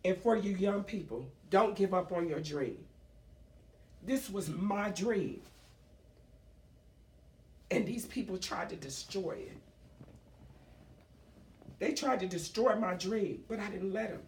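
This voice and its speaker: A woman's voice: medium pitch, slow pace, long pauses, a little mellow. An emotional middle-aged woman delivers an emphatic public speech, hammering points home by repeating them. Her voice is caught from a distance. The room around her rings with echo. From United States. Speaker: small business owner. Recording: roomy echo, speaker far from the mic.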